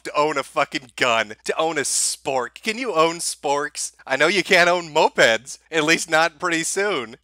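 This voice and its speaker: A man's voice: a little high, pushed and bright, dry recording. Sarcastic, mocking man ranting. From United States. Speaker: online commentator. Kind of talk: profane comedic rant.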